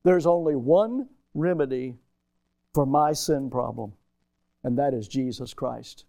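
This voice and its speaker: A man preaching a sermon as pastor, emphatic, swinging between loud and soft, and calling out to his congregation. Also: medium pitch, a little slow, vocal fry, no room sound. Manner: calls out to the congregation.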